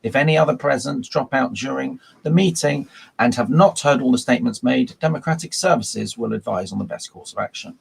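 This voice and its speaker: A man chairs a formal virtual council meeting, talking through procedural points at a mid pitch. His voice is husky, with a gravelly fry at the ends of phrases, and he fills pauses with ums and uhs. He is heard through a video call mic. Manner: reads procedural script with frequent ums and uhs.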